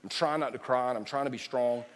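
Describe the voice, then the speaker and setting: A man preaching a sermon, moving between loud declarations and quiet storytelling. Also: mid-range voice, fast talker. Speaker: pastor. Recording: long hall reverb.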